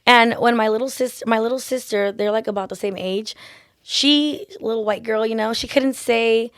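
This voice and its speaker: A woman's voice: on the high side, steady tone, fairly bright tone, clean tone, no room sound, studio quality. A woman nail artist telling stories in a casual chat, full of "like" and "literally". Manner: fast, chatty storyteller, lots of "like" and "literally".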